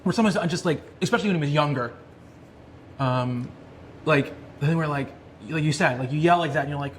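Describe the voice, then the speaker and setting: A man's voice: a little high, brisk, a little hiss or hum. A man talking as a podcast guest, candid and reflective in casual chat.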